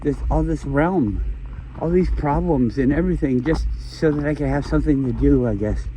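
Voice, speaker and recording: A man's voice: on the high side, moderate pace, dark tone, slight background noise, low-quality recording. Rambling man musing to himself. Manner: meandering, philosophical, frequent swearing and restarts. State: emotional, has been crying. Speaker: vlogger. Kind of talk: rambling personal monologue.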